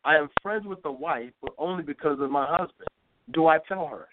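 A man co-hosting an advice radio show, agreeable and chiming in with quick asides. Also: a little high, noisy background. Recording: tinny phone-like radio line.

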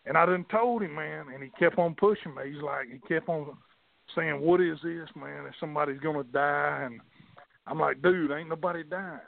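Man, gravelly and fairly high-pitched, profane rambling storyteller, tinny phone line. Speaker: wrestling promoter, guest. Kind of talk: casual storytelling.

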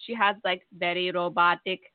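A woman's voice: on the low side, level tone, normal speed, clear, resonant tone, no echo. A blunt, gossipy woman chats casually as a podcast co-host, laughing often. Her voice comes through a thin, phone-like line, and the sound is dry and close. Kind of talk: casual chat.

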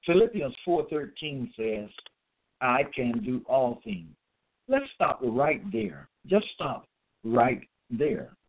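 A man delivering a slow religious monologue in an emphatic, repetitive way, spelling out letters and restarting his sentences with frequent hesitations. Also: mid-range voice, very animated. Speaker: self-styled religious teacher. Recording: tinny phone-like sound.

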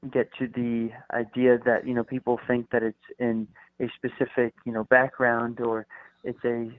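A man's voice: medium pitch, monotone, moderate pace, no echo. A man from the United States, a food company founder, talks as a guest in a casual radio interview, hesitant and full of restarts and fillers. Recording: tinny phone line.

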